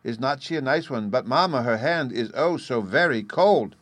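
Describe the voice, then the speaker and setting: A man's voice: mid-range voice, animated, normal speed, fairly bright tone, dry recording, pitched above the performer's own voice. A man doing an eager small boy.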